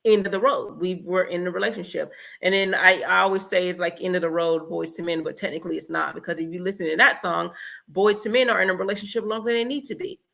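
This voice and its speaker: A woman's voice: on the low side, fairly even intonation, quick pace, creaky, a bit bright. A woman hosting a relationship advice talk, blunt and emphatic, acting out little example conversations. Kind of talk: direct-to-camera advice talk.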